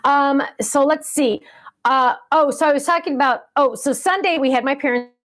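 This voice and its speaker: A woman's voice: high-pitched, moderate pace, fairly bright tone. A woman in her fifties hosting a casual craft livestream chat, rambling and easily sidetracked, with many ums.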